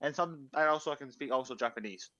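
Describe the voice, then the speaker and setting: A man's voice: mid-range voice, fast talker, pushed and bright, highs cut off. A man joking around and laughing in casual voice chat with other players on a game server. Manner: playful, joking, laughs often.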